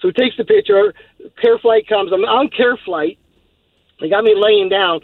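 A man's voice: high-pitched, sing-song, moderate pace. A male caller telling a long story on a radio show in a rambling, laughing way with many fillers, heard over a phone line. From Texas. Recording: tinny phone line, dry.

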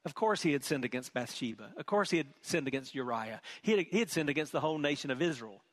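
A man's voice: on the high side, animated, fast talker, no room sound. A middle-aged male pastor preaching a sermon in an earnest, emphatic way, often repeating words.

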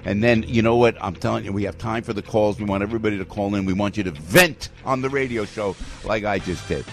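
A man's voice: lowish voice, fast talker, gravelly, soft background music. A man hosting a talk radio show, ranting in a fired-up, emphatic way.

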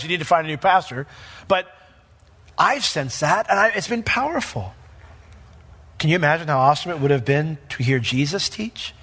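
A male pastor preaching a verse-by-verse sermon in an emphatic, animated way. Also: a little high. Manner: emphatic, animated, acts out quotes.

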